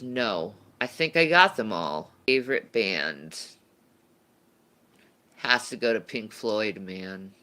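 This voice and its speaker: A woman's voice: extremely low pitch, smooth. A woman livestreamer chatting casually and answering viewer questions, rambling and laughing, often restarting her sentences.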